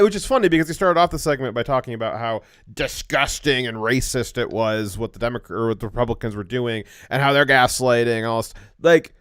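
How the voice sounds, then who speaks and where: Guy hosting a politics stream, smooth voice, dry sound, keeps restarting words. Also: mid-range voice, no echo. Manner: animated, restarts words often. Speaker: show host. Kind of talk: casual political commentary.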